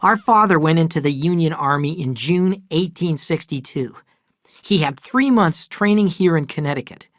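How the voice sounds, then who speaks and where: A man's voice: fairly high pitch, animated, normal speed, a bit bright, no room sound, studio quality, pitched above the performer's own voice. A man voicing an anxious, troubled grown brother, speaking in a raised, strained and emphatic way.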